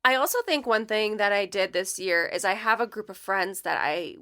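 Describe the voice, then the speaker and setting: A woman's voice: medium pitch, normal speed. A woman guest on a podcast, chatting casually and telling self-deprecating stories about her design business, acting out what people said. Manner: animated, self-deprecating, acts out quotes with laughs. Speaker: podcast guest, letterpress studio owner. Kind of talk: casual storytelling chat.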